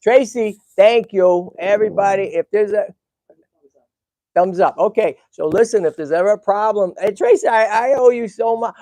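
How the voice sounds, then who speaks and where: A man's voice: sits high, moderate pace, warm tone, dry recording. A middle-aged man hosting a casual live stream, speaking with emotion straight to his viewers and breaking off into frequent restarts. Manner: emotional, talks to viewers and animals, many restarts. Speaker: livestream host.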